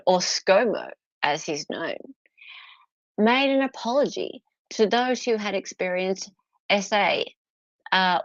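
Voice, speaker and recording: A woman's voice: medium pitch, dry recording, highs cut off. An Australian woman hosting a casual live stream about a court trial, chatting and laughing with her viewers. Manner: chatty, laughs often, answers chat viewers; mocks posh barristers in put-on voices.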